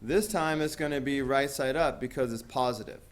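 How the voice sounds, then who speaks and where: A man's voice: medium pitch, normal speed. A man teaching a math class, talking casually with lots of fillers and asking students questions. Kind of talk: classroom lecture.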